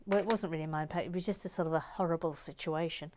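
A woman hosting a relaxed building stream, chatting softly and playfully while reading out viewer comments, often dropping to a murmur or whisper. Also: fairly low pitch, fast, slight background noise. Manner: soft-spoken, drifting between murmurs and whispers, gently playful. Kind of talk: casual chat while building.

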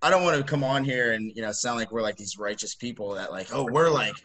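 A man co-hosting a podcast, talking in a relaxed, rambling way full of "like" and "you know". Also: on the low side, fast talker. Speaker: podcast co-host. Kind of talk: casual chat.

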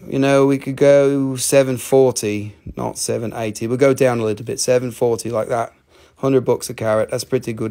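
A man's voice: mid-range voice, steady tone, moderate pace, mellow. A man selling rocks and minerals on a live stream, joking around, rambling and swearing casually. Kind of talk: casual live sales chat.

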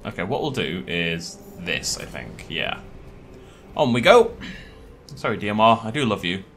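A man's voice: lowish voice, sing-song, unhurried, a bit bright. A British man hosting a let's play, chatting casually and animatedly as he plays and often laughing at himself. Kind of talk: casual gaming commentary.

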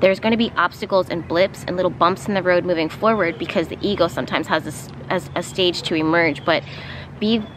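Lower-voiced woman giving a spiritual reading outdoors. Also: a little fast, noisy background. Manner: meandering, with frequent fillers and soft laughs. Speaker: spiritual card reader. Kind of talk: casual channeled reading. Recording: outdoor ambience with passing vehicles. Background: outdoor ambience and vehicles.

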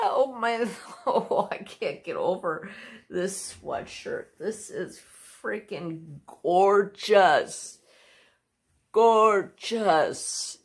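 Speaking extremely slowly in an animated, mid-range voice, a woman runs a relaxed craft unboxing vlog at home. She keeps gushing and exclaiming, and stops to talk to her dog as she goes.

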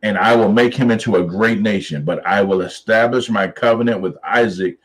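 Male Bible study teacher, lower voice, animated preacherly delivery. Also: low-quality recording. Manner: animated, preacherly, reads scripture slowly then riffs on it.

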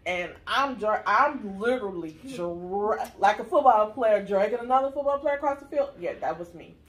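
A woman's voice: mid-range voice, animated, moderate pace. A woman hosting her channel, telling a personal story in casual chat with an emphatic, direct manner. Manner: emphatic, storytelling, addresses viewers as y'all. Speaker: channel host, mother.

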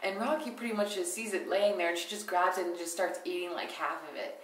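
A woman's voice: fairly low pitch, quick pace, distant mic. A young woman rattles through a reality TV recap in loose, casual talk, cursing constantly and giving blunt opinions. Her voice sits back from the mic and rings around a roomy, echoing space. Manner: profane, rambling, opinionated, laughs as she talks. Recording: roomy echo, speaking away from the mic.

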